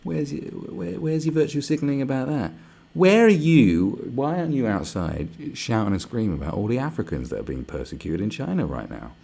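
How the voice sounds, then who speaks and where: A man's voice: medium pitch, big pitch swings, fairly quick, vocal fry, few pauses, warm tone, breathy edge. A man hosting a livestream, ranting sarcastically with lots of swearing. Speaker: livestream host. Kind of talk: livestream rant.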